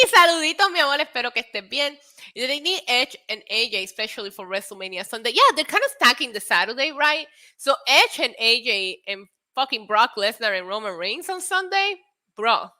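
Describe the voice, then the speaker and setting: Woman streamer, casual live chat, excitable and animated, bright, sharp voice, fairly high pitch. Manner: excitable, animated storytelling with swearing.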